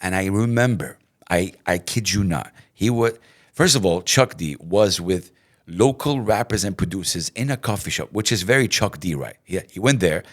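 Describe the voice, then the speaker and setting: Animated man telling stories. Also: low voice, moderate pace. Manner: animated, repeats himself, acts out quotes. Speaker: radio host, interview guest. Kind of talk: casual interview.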